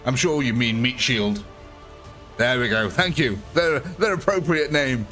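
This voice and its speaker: A man's voice: medium pitch, unhurried, sharp tone, faint music behind. A young man chatting through a live gameplay stream, thanking viewers and talking through his choices.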